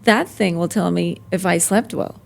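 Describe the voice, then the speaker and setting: A woman hosting a podcast interview, animated and quick to laugh, with frequent short affirmations. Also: fairly low pitch, creaky. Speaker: podcast host. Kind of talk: interview conversation.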